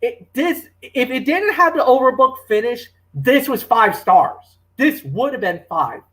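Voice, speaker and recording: A man co-hosting a wrestling review show, talking casually with loud exclamations and many fillers. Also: very high voice, animated, unhurried. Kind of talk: excited casual podcast chat.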